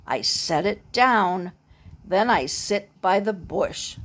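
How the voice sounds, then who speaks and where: A woman reading a picture book aloud in a gentle way, adding her own comments. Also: mid-range voice, animated, slow. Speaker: storybook reader.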